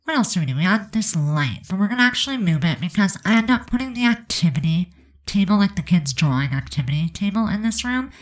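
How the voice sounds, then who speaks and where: A woman's voice: medium pitch, animated, fast talker, low-quality recording. A woman with a stuffed-up, congested voice giving a chatty, rambling voice-over commentary on a game build. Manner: chatty, rambling, many fillers.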